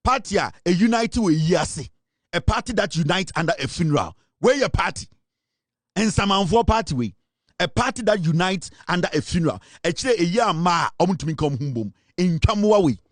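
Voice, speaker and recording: Ghanaian guy, high voice, dramatic political commentary, dry close sound. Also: lively intonation, a little fast, no room sound. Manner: emphatic, dramatic, mixes Twi and English.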